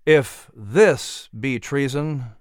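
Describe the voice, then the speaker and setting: A man voicing a defiant colonial orator, speaking slowly in a firm, resolute voice. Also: mid-range voice, no echo, studio quality.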